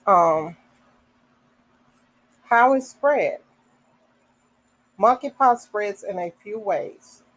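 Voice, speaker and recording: A woman hosting a podcast reads health information aloud slowly, adding casual asides, fillers and the occasional self-correction. Her voice is medium in pitch with lively intonation, and the recording is rough.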